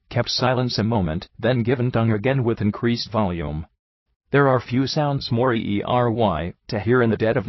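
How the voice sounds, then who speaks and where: A man reading a first-person story aloud as an audiobook, in a measured, deliberate way. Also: lowish voice, no echo, muffled recording. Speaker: audiobook reader.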